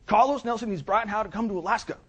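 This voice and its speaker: A man voicing a huge, jovial man who talks about himself in the third person, loud and overjoyed. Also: fast talker. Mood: insistent. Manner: booming and overjoyed. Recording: dull lo-fi recording.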